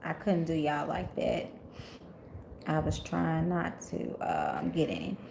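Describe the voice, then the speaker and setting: A woman's voice: low voice, animated, a little slow, creaky. A woman from Memphis, giving a live tarot reading and chatting with her viewers, calling them honey and y'all. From Memphis, Tennessee. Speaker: tarot reader on livestream. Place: rental house, indoors. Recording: echoey room, faint ambient noise.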